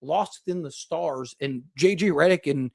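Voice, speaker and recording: Young man, slightly high voice, live-stream sports host, casual, filler-heavy, thinking out loud. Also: measured pace, gravelly. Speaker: sports podcast host reading super chats.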